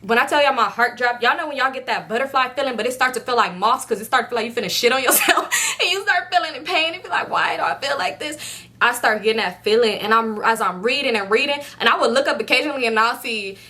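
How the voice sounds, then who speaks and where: Young woman, bright, slightly high voice, casual animated storytime, frequent cursing. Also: fast talker. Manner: animated, profane, acts out quotes. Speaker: storytime vlogger.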